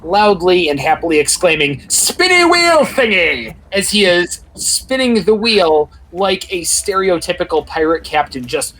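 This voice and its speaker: A man's voice: sits high, moderate pace, hardly any pauses, fairly bright tone, low-quality recording. A man narrating a tabletop game as game master, rambling and full of filler words.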